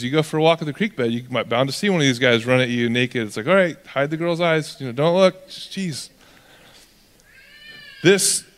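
A man from California preaching a sermon as pastor, in a casual, joking storytelling manner. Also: a little high.

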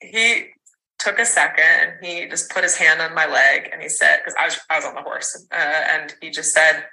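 Low-voiced woman telling a candid story. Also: level tone, moderate pace, creaky, sharp tone, rough recording. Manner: rambling, full of fillers and restarts, candid with swearing. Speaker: podcast guest. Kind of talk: personal storytelling in conversation.

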